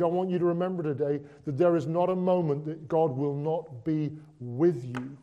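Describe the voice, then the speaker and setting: High-voiced man preaching. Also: normal speed, hardly any pauses. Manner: conversational, repetitive, swings from hushed to excited. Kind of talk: Christmas sermon.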